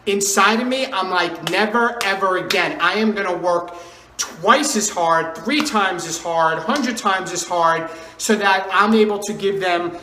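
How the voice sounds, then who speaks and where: A man's voice: sits high, a little slow, pushed and bright, roomy sound, slight background noise, low-quality recording. A man in his thirties, a fitness coach giving an earnest, emphatic motivational vlog talk and repeating his questions for effect.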